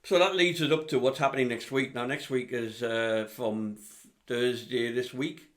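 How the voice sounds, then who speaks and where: A middle-aged man co-hosts a casual chat, feeling his way through each sentence. He hesitates often with ums and uhs. His pitch sits in the middle range. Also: fairly even intonation, normal speed. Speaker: co-host, father of the host.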